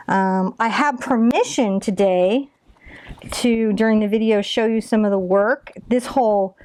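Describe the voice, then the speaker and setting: A woman's voice: medium pitch, darkish tone, clear, resonant tone, dry recording, clean studio sound. A woman teaching a step-by-step painting tutorial, chatty and encouraging as she talks through each brush stroke.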